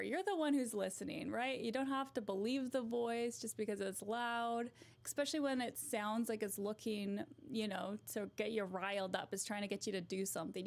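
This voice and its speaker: A woman's voice: medium pitch, vocal fry. A young woman hosting a casual livestream, chatty and giggly as she talks to her viewers. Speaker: livestream host.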